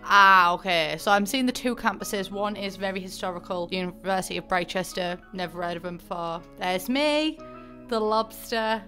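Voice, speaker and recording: Excitable Northern English woman reacting. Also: mid-range voice, moderate pace, faint music behind. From northern England. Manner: chatty, excitable, rambling asides. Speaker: gaming YouTuber.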